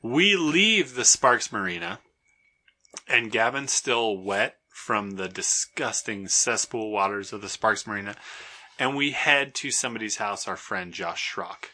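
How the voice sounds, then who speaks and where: A man's voice: fairly low pitch, lively intonation, unhurried, sharp tone. A man hosting a podcast, telling a story and often breaking into laughter. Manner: narrates with frequent laughs. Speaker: podcast host.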